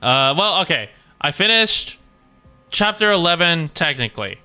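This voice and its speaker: Soft music plays behind a young man streaming as a VTuber, who reads a game story while chatting casually. His voice is on the high side, sing-song, smooth, pushed and bright, at a normal speed, and he rambles, distracts easily, and keeps breaking off mid-thought.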